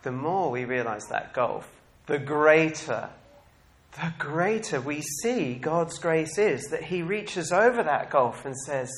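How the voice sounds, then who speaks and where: Speaking slowly in a slightly high voice, a man preaches a sermon to his congregation. His delivery is animated and full of laughter, veering from quiet reflection into loud bursts of excitement.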